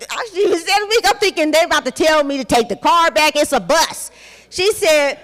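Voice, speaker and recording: A woman in her forties speaks at a conference, giving a candid, blunt personal testimony that includes some profanity. Her voice is high, fairly bright and expressive, at a moderate pace. She's in a large conference hall, and the recording carries a long hall reverb.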